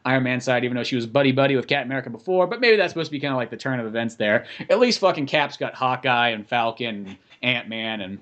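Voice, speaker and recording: Fast-talking man in casual podcast chat. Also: medium pitch, lively intonation, fairly bright tone. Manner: rambling, swears freely. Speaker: podcast co-host.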